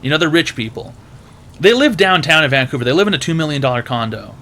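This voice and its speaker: A man's voice: a little high, lively intonation, fast talker, pushed and bright. A man hosting an advice stream who tells rambling, profane stories packed with "like" and other filler words. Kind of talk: casual storytelling.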